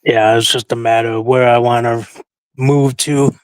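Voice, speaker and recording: A man with a smooth, clear voice chats easily as a livestream guest. His sound is dry and close, and he talks in a relaxed way. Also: medium pitch, normal speed, no echo. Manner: easygoing, conversational. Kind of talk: casual chat.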